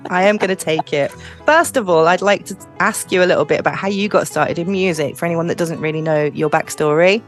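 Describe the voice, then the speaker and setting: A woman's voice: on the low side, brisk, soft background music. A young woman with a Birmingham accent hosting a podcast, chatting casually and joking with her guest. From England. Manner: chatty, jokey, laughs often. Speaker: podcast host. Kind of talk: casual interview chat.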